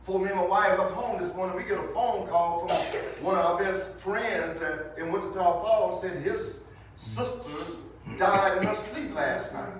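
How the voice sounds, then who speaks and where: Man, high-pitched, folksy storytelling preacher at a funeral; distant mic, booming room echo. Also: moderate pace, slight background noise. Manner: storytelling, preacherly, repetitive restarts. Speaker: funeral speaker. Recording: very echoey hall, distant mic.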